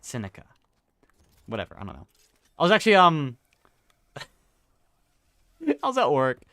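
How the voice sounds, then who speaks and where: A young man with a bright, clear-toned voice chats casually while he plays a game. He rambles, stops to correct himself and chuckles his way through stories. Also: fairly high pitch, wildly swooping pitch, a little slow, no room sound, clean studio sound. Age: young adult. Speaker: gaming streamer. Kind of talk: casual chat while gaming.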